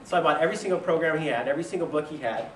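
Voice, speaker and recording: This young man's voice sits a bit high and comes out rapid-fire as he casually relates his business story, laughing frequently and mimicking the people he quotes. A distant mic adds roomy echo, along with a faint hiss or hum.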